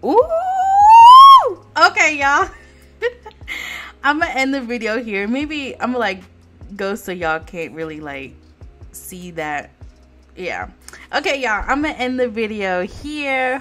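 A woman giving casual let's-play commentary on a life-sim game, animated, laughing often, swearing and talking straight to viewers. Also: fairly high pitch, measured pace, soft background music. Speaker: Sims gameplay YouTuber.

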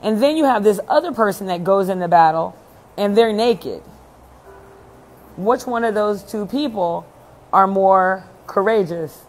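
A woman's voice: medium pitch, animated, unhurried, darkish tone. A woman hosting a casual live chat with viewers, talking in a blunt, emphatic way and swearing freely. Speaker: event host and speaker.

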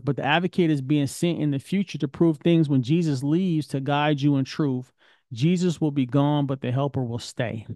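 A man's voice: fairly high pitch, dark tone, dry recording, studio quality. A man teaching an informal Bible study lesson, talking in a conversational, questioning way. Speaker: Torah teacher.

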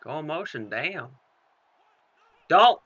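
A young man commentating his own football video game live, excitable, swearing, and talking to the screen. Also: mid-range voice, normal speed, creaky, no room sound, narrow, tinny audio. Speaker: gaming commentator.

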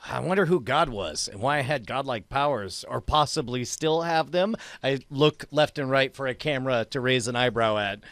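A man playing in a tabletop role-playing game, excitable and stammering, often laughing. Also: medium pitch, moderate pace, hardly any pauses, no room sound. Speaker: player. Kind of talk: tabletop role-play banter.

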